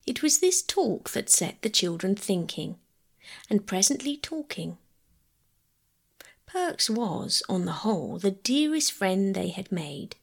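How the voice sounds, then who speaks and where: A woman narrating a classic children's novel as a gentle bedtime audiobook reading. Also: mid-range voice, very animated, slow, creaky, breathy edge. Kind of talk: scripted bedtime story narration.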